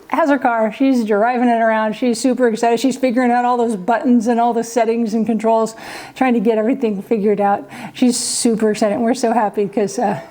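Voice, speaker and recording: Woman, middle-aged, casual vlog storytelling, animated, fairly high, mellow tone. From Kansas. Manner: chatty, animated, acts out quotes with laughs. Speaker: vlogger, mother.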